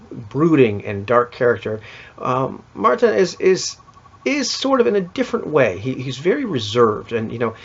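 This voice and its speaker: A man's voice: mid-range voice, slightly rough. A man casually recapping a tabletop game session, rambling with many restarts. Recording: dull lo-fi recording.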